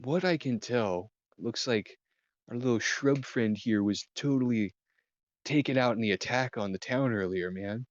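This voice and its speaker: A man's voice: medium pitch, a little slow, no room sound, dull audio, voice pushed up, natural voice. A man voicing a laid-back young male druid healer who talks with an easygoing drawl and keeps saying "man". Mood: concerned.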